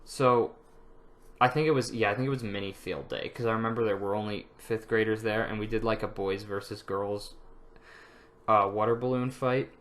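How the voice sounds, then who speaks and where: A man's voice: lowish voice, steady tone, moderate pace, fairly bright tone. A young man casually telling stories from his life, rambling with lots of fillers and restarts and laughing at himself. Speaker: vlogger. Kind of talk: casual storytelling.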